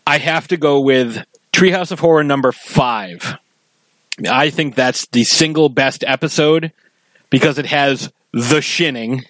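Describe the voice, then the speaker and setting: A man's voice: mid-range voice, measured pace, a bit bright, no echo, low-quality recording. Chatty man, dry close sound. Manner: chatty, quotes scenes in put-on voices. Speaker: podcast co-host. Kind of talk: casual chat about a cartoon.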